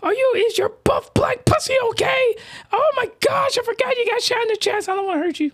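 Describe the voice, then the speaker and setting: A man doing a squealing falsetto bounty-hunter woman. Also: brisk, fairly bright tone. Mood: panicked. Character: frantic young woman bounty hunter, brash.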